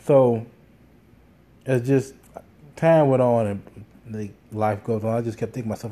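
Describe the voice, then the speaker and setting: A man's voice: medium pitch, unhurried, pauses often, warm tone. A man telling a casual, rambling story, swearing often and full of fillers and restarts. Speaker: podcast host.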